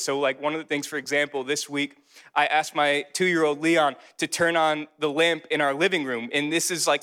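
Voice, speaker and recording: A young man giving a casual, conversational sermon as a young adult ministry leader. His delivery grows more emphatic when he reads scripture. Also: sharp tone. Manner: casual and conversational, rising in pitch when preaching.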